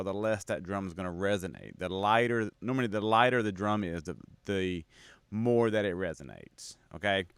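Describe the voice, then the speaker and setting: A man's voice: on the low side, a bit bright, clear, resonant tone, dry recording. A man hosting, casually talking through a drum's tuning and sound with enthusiasm. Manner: enthusiastic, explains gear step by step. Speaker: host and drum maker. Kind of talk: casual demonstration talk.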